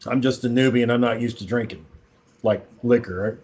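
A man's voice: mid-range voice, steady tone, brisk, a little mellow, husky. A young adult man co-hosting a casual chat, rambling through stories and swearing freely. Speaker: podcast co-host.

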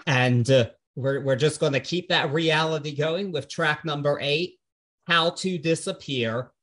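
A man with a slightly raised speaking pitch talks through a record in casual podcast chat. He sounds earnest and reflective as he weighs each song. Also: a little slow, fairly bright tone. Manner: earnest, thoughtful. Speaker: podcast co-host. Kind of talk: casual music review chat.

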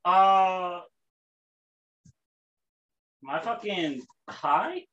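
A man's voice: high-pitched, animated, very slow, a bit bright, highs cut off. A young man hosting a casual podcast, profane, rambling and exasperated. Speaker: podcast host.

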